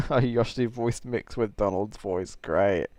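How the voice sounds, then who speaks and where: This host's voice sits on the low side as he chats casually with a friend on a Q&A livestream. He laughs readily and comes across quick and animated, and the audio has no echo.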